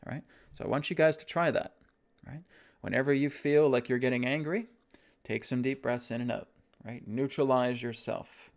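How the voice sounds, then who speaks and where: Man, gravelly voice, spiritual teacher, slow soothing guided talk, breathing exercises. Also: medium pitch, fairly even intonation. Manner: slow, soothing, repeats "right?" and "okay?". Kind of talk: guided self-help talk.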